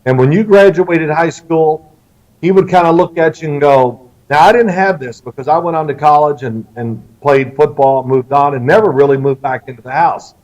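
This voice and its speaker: A middle-aged man from Kentucky, an interview guest telling lively family stories and acting out the lines of the people in them. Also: on the high side, moderate pace. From Louisville, Kentucky, US. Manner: animated storyteller who acts out quoted lines. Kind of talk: storytelling interview. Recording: slightly distant, dull lo-fi sound.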